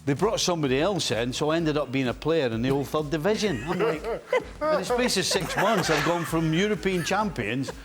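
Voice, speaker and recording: Man in his fifties, pundit, lively storyteller, pitch a touch high, very animated voice. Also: a little fast, over loud music. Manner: animated storyteller who laughs and acts out quotes. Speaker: football pundit, former player. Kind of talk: casual panel chat, anecdotes.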